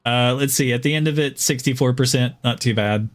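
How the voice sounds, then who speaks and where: A man from the Southern United States who has no Southern accent chats casually on a game stream, rambling, chuckling often and using lots of fillers. His voice is mid-range and his pace fairly quick.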